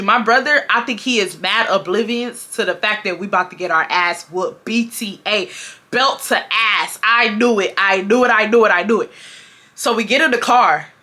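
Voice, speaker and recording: A woman, telling a casual storytime to her viewers in a chatty, animated way. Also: medium pitch. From Houston, Texas. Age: 20s.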